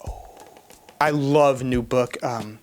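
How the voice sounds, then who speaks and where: A woman hosting a casual unboxing vlog about manga, excitable and exclamatory, with slangy chat to her viewers. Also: very deep voice, slow pace. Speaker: manga reviewer.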